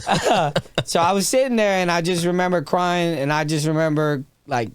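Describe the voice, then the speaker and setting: A man's voice: fairly high pitch, normal speed, clear, resonant tone, no echo, clean studio sound. A man in his thirties, a podcast guest telling a raw, emotional story, swearing freely and restarting his sentences. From Texas. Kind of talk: candid storytelling interview.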